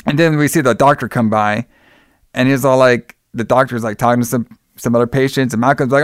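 A man casually recapping a film for his podcast audience, rambling and dropping swear words, laughing as he acts out the characters' lines. His voice is smooth and clear, at an ordinary pitch. The recording is dry and close. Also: fairly even intonation, a little fast, dry recording.

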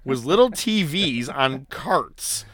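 A man co-hosting a casual podcast, recapping wrestling with animated, mock-dramatic storytelling. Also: a little high, slow, no echo, clean studio sound. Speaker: podcast co-host.

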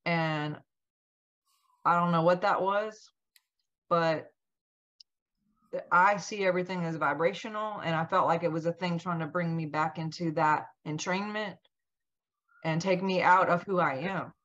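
Low-voiced woman telling a story. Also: a little slow, long pauses. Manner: animated, acts out quoted dialogue. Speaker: interview guest. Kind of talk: personal storytelling in conversation. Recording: dull lo-fi sound.

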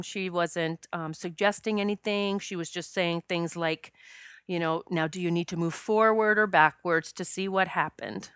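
A woman recounting a personal story as a past life regression specialist, speaking earnestly with frequent fillers and restarts. Her voice sits a little low and sounds smooth and resonant. The recording is dry and close, and she is at times choked up. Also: a bit bright, no echo.

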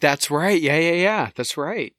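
A man's voice: on the high side, expressive, measured pace, fairly bright tone, dry recording, clean studio sound. A man co-hosting a casual music podcast, chatty and enthusiastic. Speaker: podcast co-host.

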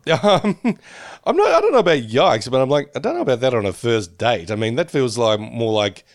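A man's voice: mid-range voice, big pitch swings, fairly quick, no room sound, clean studio sound. A man co-hosting a podcast, chatting casually about a sitcom in a rambling, laugh-prone way. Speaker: podcast co-host. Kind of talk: casual chat reviewing a sitcom.

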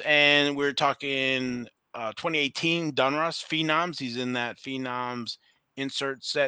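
Bright, smooth-voiced man chatting casually. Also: medium pitch, dry recording. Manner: rambling, self-correcting, laughs easily. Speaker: podcast co-host. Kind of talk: casual chat about racing and trading cards.

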